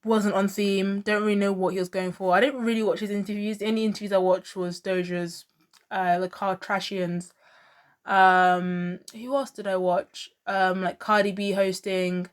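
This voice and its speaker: A woman's voice: medium pitch, little pitch movement, normal speed. Chatty, opinionated woman vlogger. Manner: chatty and opinionated, lots of "like" and "um", gushing exclamations. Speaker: pop culture vlogger. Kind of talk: casual fashion commentary.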